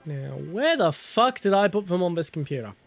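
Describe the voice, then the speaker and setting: A man's voice: high voice, big pitch swings, normal speed, faint music behind. A man streaming live who chats casually, laughs often and swears freely as he talks to viewers. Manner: giggly and chatty, swears casually.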